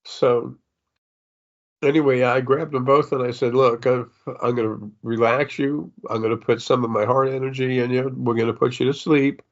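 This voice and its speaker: A man's voice: mid-range voice, lo-fi sound. An older man who sniffles, talking through a rambling spiritual monologue as a psychic medium, full of fillers and restarts. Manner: meandering, many fillers and restarts.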